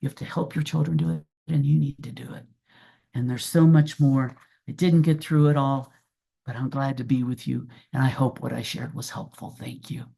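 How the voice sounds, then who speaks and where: A woman's voice: extremely low pitch, fairly even intonation, normal speed, vocal fry, mellow, slightly rough. A woman giving an earnest, reflective talk as a guest presenter, repeating her key phrases for emphasis. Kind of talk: webinar talk and Q&A.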